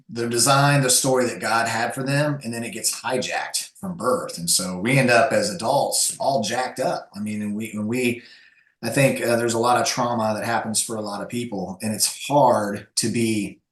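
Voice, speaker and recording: A man speaking as an interview guest, telling personal stories in an animated, conversational way with frequent restarts. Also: medium pitch. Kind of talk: conversational storytelling. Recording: echoey room.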